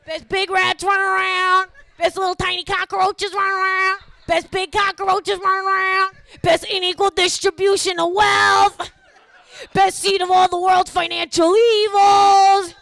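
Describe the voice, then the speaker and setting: A woman voicing a pushy New York relative who rants fast and swears between boasts. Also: extremely high pitch, level tone, vocal fry, a bit bright, no echo, pitched above the performer's own voice, full character voice. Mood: boastful. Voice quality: rapid, swearing, boastful patter. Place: comedy club stage.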